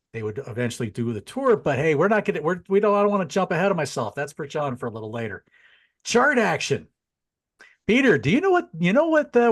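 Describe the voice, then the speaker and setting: A middle-aged man hosting a casual chat show, animated and chatty, wandering into asides. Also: on the high side. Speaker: podcast host. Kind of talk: casual chat over a video call.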